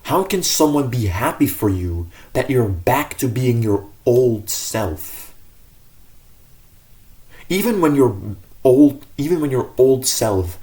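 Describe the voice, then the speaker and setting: A man's voice: medium pitch, very animated, takes it slowly, warm tone. A man giving casual self-improvement advice to camera in an earnest, rambling way, often correcting himself mid-sentence.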